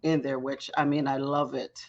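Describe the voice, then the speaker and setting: A woman's voice: extremely low pitch, little pitch movement, moderate pace, darkish tone. A middle-aged woman hosting a talk show, chatting loosely and often laughing. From Jamaica. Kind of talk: casual interview chat. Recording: dull lo-fi audio.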